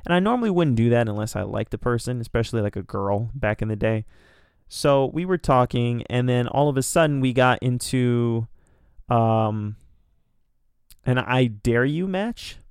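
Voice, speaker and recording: A man's voice: mid-range voice, animated, moderate pace, darkish tone, clear, resonant tone, no room sound, studio quality. A young man casually telling a rambling, profane, self-deprecating story as a podcast co-host.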